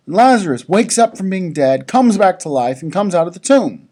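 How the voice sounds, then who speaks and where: A speaker giving a chapel talk to school children, telling a story gently and asking the listeners questions. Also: mid-range voice, big pitch swings, moderate pace, few pauses.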